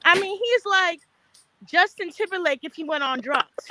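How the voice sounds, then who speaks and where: A woman's voice: very high-pitched, expressive, normal speed, pushed and bright. A woman taking part as a panelist in a casual group chat, making cutting, mocking comments. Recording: crackly call audio with noise.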